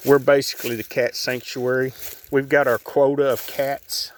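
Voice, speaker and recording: Regular guy rambling on about his yard projects, folksy, mid pitch, bit of faint noise. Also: level tone, moderate pace. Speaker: homeowner showing his projects. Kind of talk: casual rambling vlog narration.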